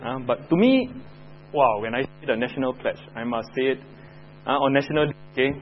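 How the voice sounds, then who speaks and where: A man's voice: mid-range voice, fairly quick, narrow, tinny audio, a little hiss or hum. A man with a Singaporean English accent teaching a Bible lesson to children, chatting and asking the class questions.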